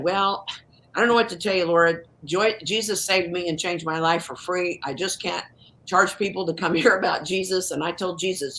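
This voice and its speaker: A woman's voice: fairly low pitch, a little fast, slight background noise. A woman in her sixties, a guest on a video call, telling stories with an emphatic, evangelical fervor. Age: 60s. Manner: animated storyteller, evangelical and emphatic. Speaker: guest, documentary producer. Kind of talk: interview over video call.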